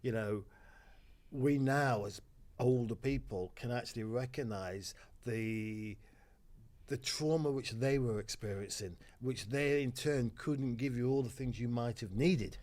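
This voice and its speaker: A man in his sixties hosting a podcast interview, asking long, measured, reflective questions. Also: medium pitch, a little mellow. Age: 60s. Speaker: host.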